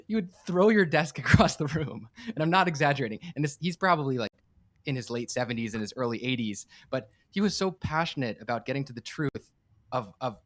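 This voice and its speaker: A man speaks at a brisk, rapid clip in a mid-range voice, earnest and emphatic as he tells a heartfelt story. He often circles back and restarts his words. He sounds like a rabbi sharing his own experience as a podcast guest. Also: mid-range voice, fairly bright tone. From United States.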